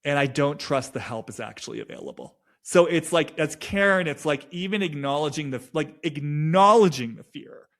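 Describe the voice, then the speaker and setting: A man giving an intuitive reading in a reflective solo monologue, speaking haltingly and repeating phrases as he searches for words. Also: a little high, animated, fairly bright tone. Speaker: intuitive reader. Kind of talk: reflective solo monologue, channeling a subject's feelings.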